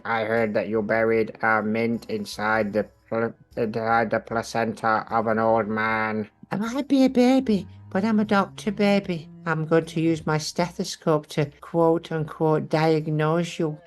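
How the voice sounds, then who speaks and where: Man doing a squeaky cocky baby doctor. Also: close to an everyday voice. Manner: squeaky, childish bravado. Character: boastful male baby doctor.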